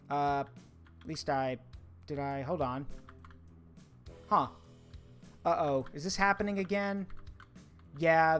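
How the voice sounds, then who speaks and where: A man's voice: on the high side, a bit bright. Chatty male streamer over game music. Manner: chatty, talks to chat while working, hums tunes. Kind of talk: casual gameplay commentary.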